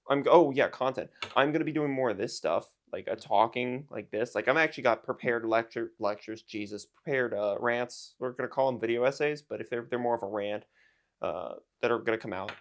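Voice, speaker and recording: A man's voice: medium pitch, lively intonation, normal speed. A man in his twenties, talking to camera in a rambling, self-mocking, jokey vlog rant. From United States. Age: 20s. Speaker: YouTuber and streamer.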